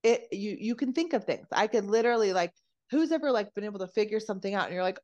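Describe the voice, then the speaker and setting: A woman guest on a podcast explaining nervous system regulation in casual chat, animated and swearing freely as she acts out quoted voices. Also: mid-range voice, fast, lo-fi sound.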